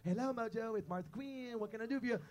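A man's voice: very high-pitched, quick pace. A man mimicking a curt woman TV host. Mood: dismissive. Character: woman TV host, brushing him off.

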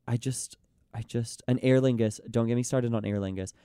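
A young man in casual chat, ranting in an exasperated, animated way and mimicking the people he quotes. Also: mid-range voice, normal speed, smooth, no room sound, studio quality. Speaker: podcast host.

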